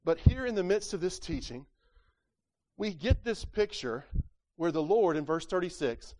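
Man preaching a sermon in church, fairly high voice, questions the crowd, acts out the scripture voices. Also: lively intonation, normal speed, a little mellow. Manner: asks the congregation rhetorical questions; stumbles over words and repeats himself.

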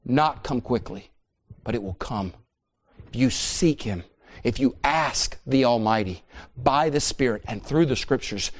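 A man preaching a sermon in a church, swinging from loud, emphatic peaks down to quiet, hushed asides. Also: mid-range voice, a little slow.

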